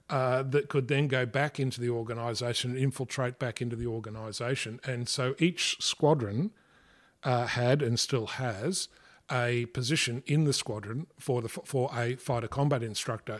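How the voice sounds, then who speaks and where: This older Aussie man, once a fighter pilot in the air force, has a medium-pitched voice and tells stories as an interview guest in a casual setting. His delivery is halting, packed with fillers and restarts, rambling and self-correcting. He laughs frequently and readily.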